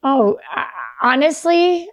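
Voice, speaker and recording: A woman's voice: very high-pitched, takes it slowly. A woman co-hosting a podcast in casual chat, rambling and trailing off mid-sentence. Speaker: podcast co-host.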